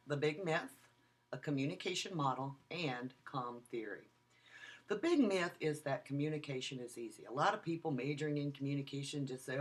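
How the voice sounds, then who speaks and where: A university lecturer records a video lecture, speaking in an animated, emphatic way and repeating her key points. She has a very deep voice.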